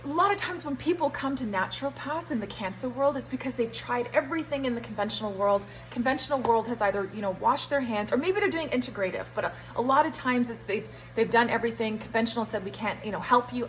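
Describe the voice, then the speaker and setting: A young woman recounting events in a casual, animated monologue, brushing off details with "da, da, da". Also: on the high side, fast, few pauses, slight background noise, low-quality recording. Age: young adult. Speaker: health vlogger.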